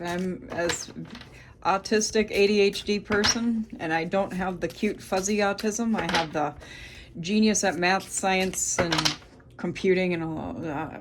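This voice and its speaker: Woman, 30s, lowish voice, rambling tarot reader talking to her viewers, faint hiss behind. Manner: chatty, rambling, thinks aloud with fillers. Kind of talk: casual tarot reading to camera.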